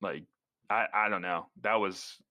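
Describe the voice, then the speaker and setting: A man's voice: low voice, fairly even intonation, a little slow, sharp tone, dry recording, clean studio sound. A man co-hosting a podcast, rambling in casual movie chat with an incredulous tone. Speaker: podcast co-host.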